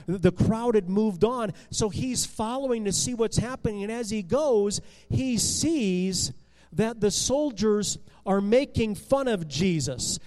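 Expressive male storyteller, high voice, echoing. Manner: expressive, with restarts and swings in loudness. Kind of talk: dramatic Bible storytelling.

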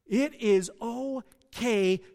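A male pastor preaching a sermon with passion, dropping to a hush and then rising to loud emphasis. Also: very high-pitched, very slow, gravelly, in a large hall. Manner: passionate, swings from hushed to loud.

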